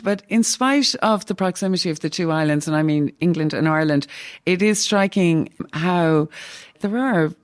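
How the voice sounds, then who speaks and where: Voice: mid-range voice, moderate pace, clean tone. Interviewer with long winding questions.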